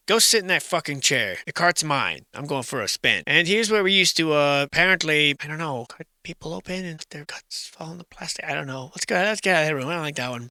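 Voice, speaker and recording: A man's voice: on the high side, fairly quick, few pauses, pushed and bright, clean tone, no room sound. A young man in whispered comedic commentary, reading out building records and mocking them with sarcastic asides. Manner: sarcastic, mocking asides and sudden put-on voices. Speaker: host. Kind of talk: whispered comedic commentary over archive photos.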